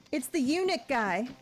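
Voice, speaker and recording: A woman giving chatty, giggly commentary on a livestream while she plays, talking back to the game characters. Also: very high-pitched. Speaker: gaming streamer. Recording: noisy stream audio.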